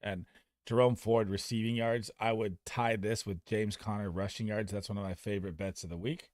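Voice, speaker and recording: Profane, excitable young man, dry close sound. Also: on the low side, dry recording. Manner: excitable, profane, talks fast and loose. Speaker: fantasy football streamer. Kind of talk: casual livestream chat.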